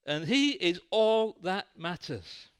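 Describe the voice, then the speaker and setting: An earnest, zealous devout man speaks with emphatic conviction, played by a preacher. His pitch rises and falls in a lively way. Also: slow pace, clear, resonant tone, heavily acted.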